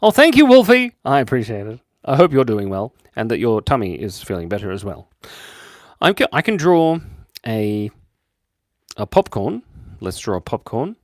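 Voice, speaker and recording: A man's voice: normal speed, no room sound, clean studio sound. Playful Australian man, livestream host. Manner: playful, jumps between high excited bursts and quiet mumbles. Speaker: livestream host drawing for chat. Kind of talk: casual live-stream chat while drawing.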